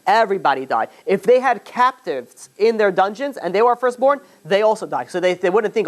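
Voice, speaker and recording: A man teaching a class, telling the story informally, with many restarts and "you know"s, and growing animated at the lively moments. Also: high voice, quick pace, hardly any pauses. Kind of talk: informal storytelling lesson to students.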